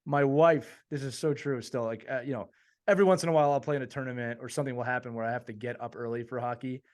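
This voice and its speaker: A man's voice: mid-range voice, fairly even intonation, fast, a little mellow. A man co-hosting a casual podcast chat with a wry, joking delivery. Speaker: podcast co-host.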